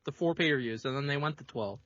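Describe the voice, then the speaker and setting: A man co-hosting a wrestling podcast, laying things out plainly in a relaxed, profane way. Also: medium pitch, fast, muffled recording. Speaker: podcast co-host. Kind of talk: casual wrestling podcast chat.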